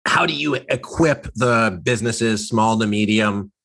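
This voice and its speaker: A man's voice: lowish voice, unhurried, vocal fry, a bit bright. A man hosting a business podcast. He reads a scripted intro, then asks loose, rambling questions. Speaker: podcast host.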